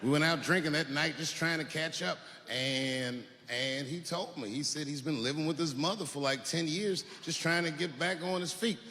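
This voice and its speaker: A man doing profane stand-up comedy on stage before a live audience, swinging from muttering to shouting. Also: on the high side, normal speed, hardly any pauses. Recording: long hall reverb, noisy live room.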